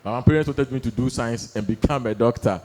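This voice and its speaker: A young man doing stand-up storytelling on stage, animated, acting out voices and laughing through his lines. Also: medium pitch, brisk. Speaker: stand-up comedian. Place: comedy stage before a live audience.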